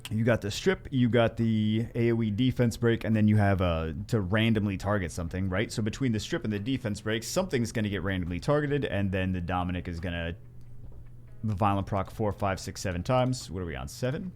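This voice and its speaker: A man's voice: fairly low pitch, brisk, darkish tone, faint music behind. A man hosting a gaming video, rambling through casual gameplay commentary with wry asides and frequent self-corrections.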